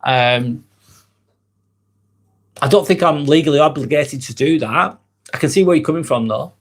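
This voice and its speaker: A man in his forties from near Manchester, with a Lancashire accent, hosts a casual live vlog in a slightly high voice at a moderate pace. He reads viewers' comments aloud and answers each person by name, friendly and reflective.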